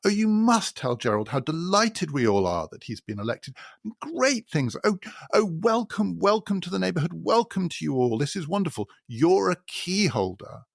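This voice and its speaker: A fawning, well-to-do gentleman neighbour, as a man puts him on gushes in a squeaky, high voice. His effusive delight tumbles out in little bursts. A gravelly edge still sits underneath the voice. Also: big pitch swings, normal speed, no room sound, clean studio sound, exaggerated voice. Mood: gushing delight. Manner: effusive, falsetto-like gushing.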